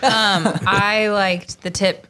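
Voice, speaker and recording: A woman's voice: mid-range voice, fairly even intonation, takes it slowly, sharp tone, slight background noise. A woman co-hosting a podcast, friendly and thinking aloud as she shares picks. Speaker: podcast co-host. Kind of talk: casual chat.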